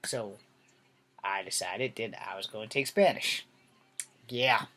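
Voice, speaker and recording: A man's voice: fairly low pitch, slow, bright, forceful tone. A man telling a personal story to the camera in a candid, rambling way, swearing freely as he goes. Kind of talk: casual storytelling monologue.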